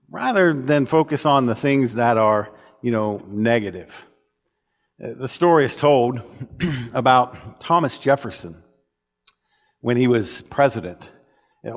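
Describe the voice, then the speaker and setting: Man preaching in an echoing church. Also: medium pitch. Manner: earnest storytelling with frequent restarts. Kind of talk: sermon. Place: church auditorium. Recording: long reverb of a church hall.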